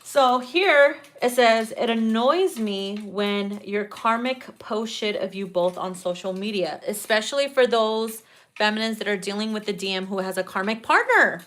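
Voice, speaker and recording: Profane, animated tarot reader woman. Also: a little high. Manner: blunt, profane and animated, breaks into loud laughter. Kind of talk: casual tarot reading monologue.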